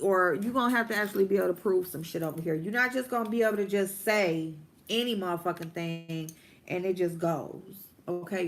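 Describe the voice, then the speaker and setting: A woman with a mid-range voice hosts a casual livestream as a vlogger, ranting bluntly and profanely while doing her makeup. She stretches out her emphatic lines, and there's slight background noise.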